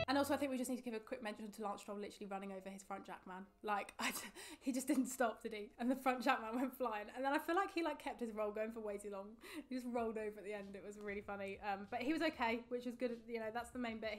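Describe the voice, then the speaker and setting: A young woman giving a chatty, excitable race review in a casual vlog monologue. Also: a little high. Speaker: motorsport vlogger.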